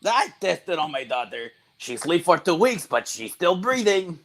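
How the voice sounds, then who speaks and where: A man putting on a deliberately bad Russian accent to voice a cocky, shady hustler selling a vaccine. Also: big pitch swings, very noisy. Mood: boastful. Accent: put-on Russian accent. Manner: swaggering and sales-pitchy.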